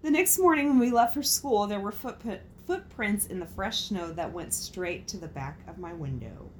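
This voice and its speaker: A woman's voice: mid-range voice, moderate pace. A woman hosting a casual talk show, reading out listener stories and reacting with frank swearing and laughter. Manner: expressive, swears freely, laughs at her own jokes.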